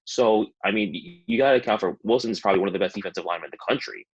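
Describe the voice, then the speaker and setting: A man's voice: lowish voice, racing, slightly rough, dry recording, dull audio. A man who is a guest on a sports podcast, giving his football take in a rambling, hesitant way with many fillers. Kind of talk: casual sports talk.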